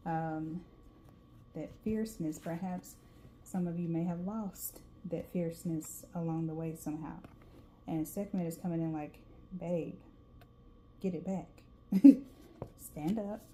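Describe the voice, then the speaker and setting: A woman with a Southern US drawl talks through a tarot reading in a casual, chatty way and reads card passages aloud. Her voice sits fairly low and sounds dark and mellow. Faint background noise runs under the recording. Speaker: tarot reader.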